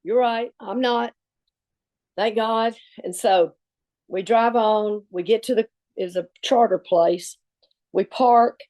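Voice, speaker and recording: Lively woman telling a story. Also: mid-range voice, takes it slowly. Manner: lively, acts out quoted voices. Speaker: former assistant coach. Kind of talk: storytelling anecdote.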